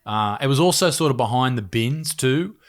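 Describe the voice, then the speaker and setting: A young Australian man chatting on a podcast, his voice sitting at a middle pitch. He tells stories in a relaxed, sweary way and keeps breaking into laughter. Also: moderate pace. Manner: laid-back storytelling, heavy swearing, laughing through the story. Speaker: podcast host. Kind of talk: casual chat.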